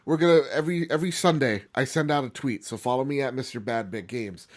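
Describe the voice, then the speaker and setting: A man's voice: medium pitch, fast talker. A man hosting a gaming podcast, chatting casually, rambling and laughing often. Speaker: podcast host.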